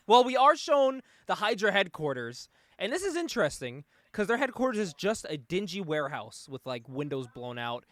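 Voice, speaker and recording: A man's voice: high voice, big pitch swings, normal speed, hardly any pauses, a bit bright, no room sound. A man co-hosting a casual comic book review podcast, laughing often and swearing casually. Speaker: podcast co-host.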